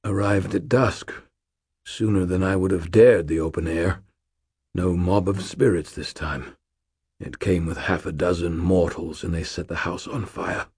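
A man voicing a dying old ghost warrior, weak and gentle. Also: low-pitched, fairly even intonation, unhurried, slightly rough, dry recording, studio quality, heavily acted. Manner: archaic, formal, courteous speech. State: weak and fading.

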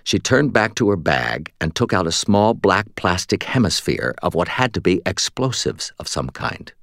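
A man narrating an audiobook in a wry, expressive reading style. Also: low-pitched, moderate pace, vocal fry, no echo, studio quality. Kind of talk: scripted narration.

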